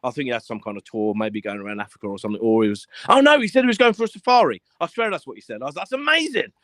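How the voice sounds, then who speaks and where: A man telling stories in a casual live-stream chat, animated and full of swearing, acting out what people said. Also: medium pitch, rapid-fire, dry recording. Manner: animated storyteller, swears a lot, acts out quotes.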